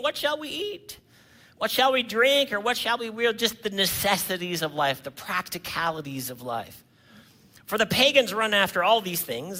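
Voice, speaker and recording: A male pastor preaching with a high, bright voice. He swings from loud, stretched-out cries to near-whispered lines, and keeps asking the congregation questions. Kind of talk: sermon.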